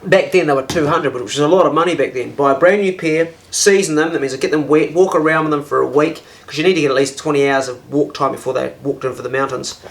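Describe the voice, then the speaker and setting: Here a man in his fifties with a New Zealand accent races through a casual story at a fast clip, with hardly any pauses. His voice is fairly high and creaky, and he sounds blunt and exasperated, swearing without restraint.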